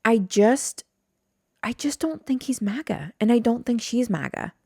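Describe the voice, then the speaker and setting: A woman's voice: a little high, lively intonation, unhurried, gravelly, dark tone, husky, no echo, studio quality. A young woman hosting a solo podcast, rambling casually and self-deprecating, swearing now and then. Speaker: podcast host. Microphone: studio mic on a stand.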